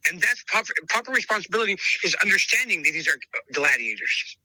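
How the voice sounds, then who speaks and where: A man's voice: high voice, big pitch swings, fast talker, pushed and bright, no room sound, low-quality recording. A man who breeds dogs, telling stories in a casual interview and acting out both sides of past conversations, often calling the listener brother. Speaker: dog breeder.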